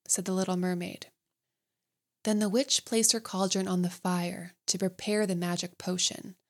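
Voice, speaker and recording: A woman narrating a bedtime fairy tale in a gentle, slow, soothing reading voice. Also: fairly low pitch, flat delivery. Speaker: storyteller. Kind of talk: calm bedtime story narration.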